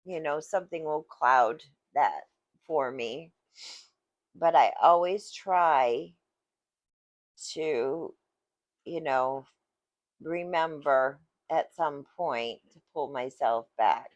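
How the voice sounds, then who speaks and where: A woman vlogger talking about her life in a casual, reflective monologue, halting and searching for words, recorded on a phone. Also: deep voice, no room sound, highs cut off. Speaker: vlogger sharing personal story.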